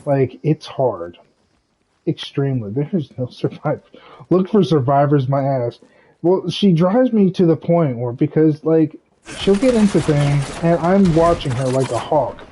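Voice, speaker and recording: Male streamer, fairly high voice, rambling and ranting casually while gaming. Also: expressive, unhurried, dark tone, slight background noise, poor audio.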